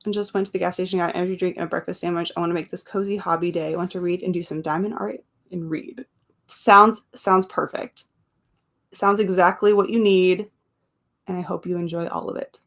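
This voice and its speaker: Brisk and steady in tone, a woman with a fairly low voice hosts a casual live stream. She reads viewer comments out loud and chats in between, often laughing and drifting into side remarks.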